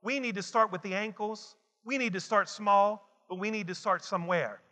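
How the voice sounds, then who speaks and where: Male pastor, bright forceful voice, call-and-response sermon, church sanctuary. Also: high-pitched, moderate pace. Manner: call-and-response preaching, repetitive and emphatic. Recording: long hall reverb.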